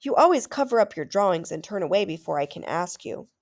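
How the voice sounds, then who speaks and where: A woman reading aloud, voicing an eager, friendly schoolboy who talks excitedly. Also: medium pitch, fairly quick. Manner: excited and chatty.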